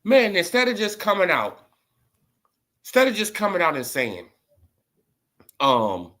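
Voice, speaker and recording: A man's voice: high voice, huge pitch swings, measured pace, a bit bright. A man rants about boxing in casual vlog commentary. He repeats himself for emphasis and leans on slang.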